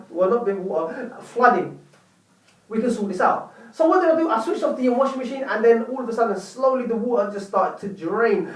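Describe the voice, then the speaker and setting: A young man vlogging, telling a story to his viewers in a dramatic, animated way. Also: very high-pitched, reverberant, far from the mic, rough recording. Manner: animated, dramatic retelling with repeated "lo and behold". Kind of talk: casual storytelling to camera.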